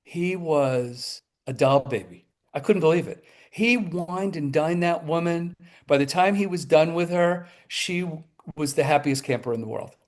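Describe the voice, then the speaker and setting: A man in his seventies, a talk show guest telling lively anecdotes, acting out the people in his stories as he goes, with some quick bursts and restarts. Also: fairly high pitch. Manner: animated storyteller who acts out the people in his tales. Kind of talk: anecdotal storytelling.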